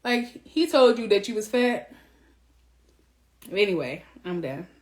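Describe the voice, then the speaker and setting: A woman in her thirties, a womb wellness coach, chatting casually and bluntly to her followers, animated with slangy asides. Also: medium pitch, slow pace.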